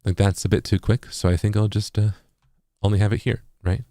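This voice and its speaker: A low-voiced man with an East Coast accent, a music producer and streamer, relaxedly explains his process at a slightly fast pace. He relies on fillers and sounds out words as examples, recorded close and dry without echo.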